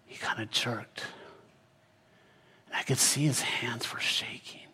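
A man telling a Bible story in the first person as a character, often dropping to a hushed whisper. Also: medium pitch, fairly even intonation, slow pace.

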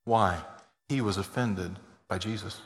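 A man preaching a sermon as a pastor, earnest, moving between loud emphasis and quiet, intimate asides. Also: deep voice, unhurried, husky, big-room sound.

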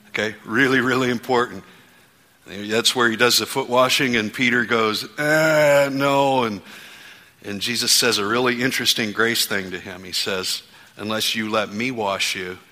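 A man's voice: fairly low pitch, sharp tone, in a large hall. A man preaching as pastor to his congregation, leading the room in fervent spoken declarations. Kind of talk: church sermon. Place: church sanctuary.

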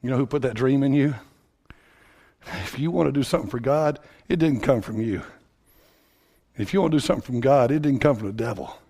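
A man from Tennessee, preaching a sermon in a folksy, animated storytelling way that swings up to shouting. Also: medium pitch, brisk, pauses often, husky.

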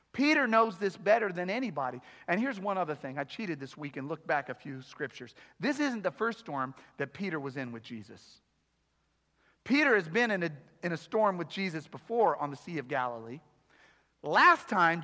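A male pastor preaching an animated sermon, acting out voices and joking with the congregation. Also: sits high. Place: church sanctuary. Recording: live sermon with long hall reverb.

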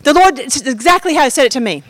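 A woman's voice: sits high, animated, fast, fairly bright tone, dry recording. A woman giving a personal testimony as a sermon, talking straight to the congregation in a conversational way. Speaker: preacher.

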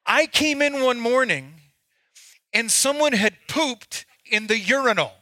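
Bright, high-voiced man preaching. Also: expressive, measured pace, no echo. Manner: candid, self-mocking storytelling. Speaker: pastor. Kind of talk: sermon.

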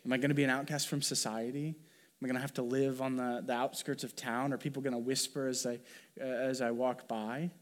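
A man's voice: medium pitch, normal speed, close to an everyday voice. A man voicing a worried young woman who asks anxious questions, fearing rejection.

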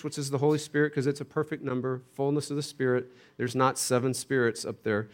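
A man preaching a sermon, building to loud emphasis with repeated phrases and dropping to hushed near-whispers. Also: on the high side, fairly even intonation, moderate pace, hardly any pauses. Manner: preaches with rising intensity and repetition. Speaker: pastor.

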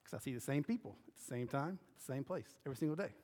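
A man's voice: medium pitch, animated, rapid-fire, a little mellow, big-room sound. Man preaching a casual sermon. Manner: conversational preaching, asks the crowd questions. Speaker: pastor.

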